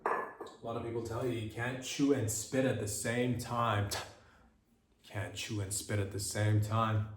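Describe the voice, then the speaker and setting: A man's voice: lowish voice, fairly even intonation, a little slow, pauses often, echoey room. A man hosting a comedy podcast, delivering a rambling mock-motivational monologue with silly quoted voices. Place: hot indoor room.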